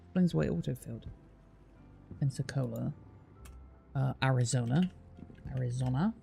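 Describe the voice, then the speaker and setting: This is a British man on a live stream, easygoing and a little distracted as he reads place names and answers his chat. His voice is deeply gravelly with a dark, mellow tone. Faint music plays behind him. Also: normal speed. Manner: reads place names aloud while chatting with viewers, swears casually.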